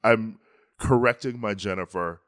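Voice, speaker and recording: A man's voice: lowish voice, measured pace, fairly bright tone. A man co-hosting a podcast, chatting about pop culture in a playful, enthusiastic way with frequent laughter. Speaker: podcast co-host. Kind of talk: casual pop-culture chat.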